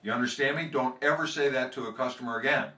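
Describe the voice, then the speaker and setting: A man playing a furious male car sales manager who delivers a threatening, rapid tirade. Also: mid-range voice, pushed and bright, voice pushed up, natural voice. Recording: roomy, off-mic from a distance.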